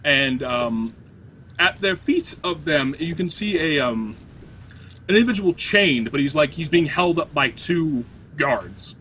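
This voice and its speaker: A man's voice: on the high side, animated, measured pace, pushed and bright, slight background noise. A man narrating a tabletop game as game master, describing scenes in a rambling, hesitant way with many fillers.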